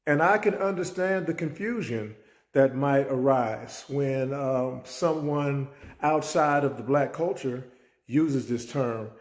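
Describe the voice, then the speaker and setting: Man, teacher and mentor, storytelling life-lesson talk, mid-pitched voice, echoey room. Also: slow pace. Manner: storytelling, acts out dialogue.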